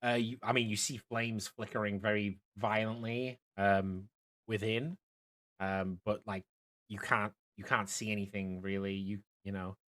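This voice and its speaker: A man's voice: fairly low pitch, level tone, measured pace, a bit bright. A man narrating as game master for a tabletop game, talking loosely with lots of fillers and restarts. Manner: rambling, many fillers and restarts.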